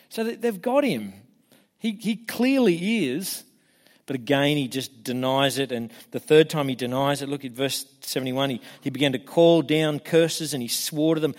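A man preaching a sermon in an animated way, acting out the voices he quotes and often restarting his words. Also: fairly high pitch, normal speed. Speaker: pastor.

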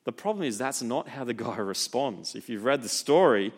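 A man delivers a sermon in an easygoing, conversational style. His voice sits at a middle pitch, and he keeps drawing listeners in with rhetorical questions and animated stresses. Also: moderate pace. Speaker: preacher.

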